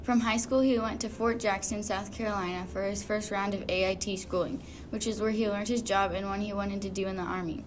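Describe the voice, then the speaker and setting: A woman's voice: mid-range voice, a little fast, few pauses, noisy background. Young woman reading a script. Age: young, a student. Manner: steady reading. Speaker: student podcast narrator.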